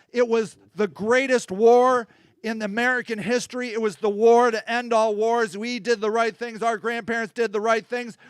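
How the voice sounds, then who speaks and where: Heated, high-voiced man ranting. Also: fairly bright tone, clear, resonant tone, dry recording, clean studio sound. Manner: rambling, heated and emphatic, swearing. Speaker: livestream host. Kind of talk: casual political talk.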